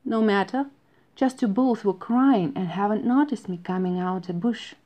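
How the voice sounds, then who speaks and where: A woman's voice: mid-range voice, moderate pace, warm tone, dull audio, close to an everyday voice. A woman voicing a stubborn, loyal young male hedgehog who speaks in an insistent, matter-of-fact way. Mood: explaining. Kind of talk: storybook reading.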